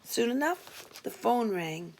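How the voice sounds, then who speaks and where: A woman's voice: fairly high pitch, big pitch swings, slow pace, darkish tone. A woman narrating a first-person story in a dry, wry manner. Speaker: audiobook narrator.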